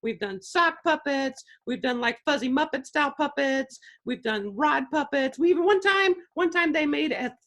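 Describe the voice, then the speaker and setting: A bubbly, giggly dragon puppet, voiced by a man in a high, bright voice. He chats with guests in a playful, upbeat way and loves telling stories. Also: expressive, normal speed, vocal fry, few pauses, heavily acted. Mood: cheerful. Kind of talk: puppet character interview.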